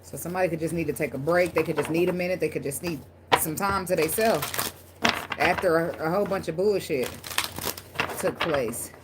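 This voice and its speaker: A woman's voice: lowish voice, fairly quick, heavy background noise. A woman giving a casual tarot reading to her viewers, talking bluntly with plenty of swearing and laughter. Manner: blunt, profane and laughing, talks straight to viewers. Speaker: tarot reader.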